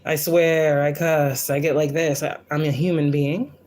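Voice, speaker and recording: Deep and flat, her voice moves at a measured pace with a darkish tone, and there's slight background noise. This spiritual reader hosts a casual livestream where she talks bluntly and profanely, preachy and defiant, frequently repeating lines for emphasis.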